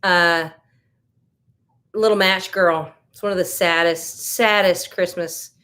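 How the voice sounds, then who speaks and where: She takes things slowly, her lowish voice steady and a bit bright. An American woman, she hosts a laid-back live stream where she chats and reacts to what viewers write.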